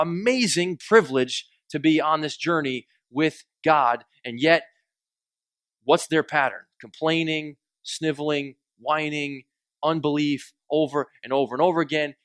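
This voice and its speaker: Male pastor, casual joking sermon delivery, slightly higher voice, dry close sound. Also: a bit bright, dry recording. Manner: conversational, joking with congregation, acts out quoted complaints.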